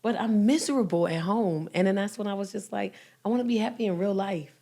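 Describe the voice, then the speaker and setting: A woman's voice: mid-range voice, fast, dark tone. Blunt woman hosting a chat show. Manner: blunt, reactive interjections. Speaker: podcast host. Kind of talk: casual chat.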